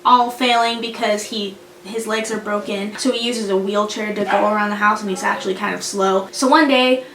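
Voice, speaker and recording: A woman's voice: mid-range voice, steady tone, normal speed. A young woman giving a casual spoken anime review in a blunt, profane, exasperated way. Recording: roomy echo, faint noise.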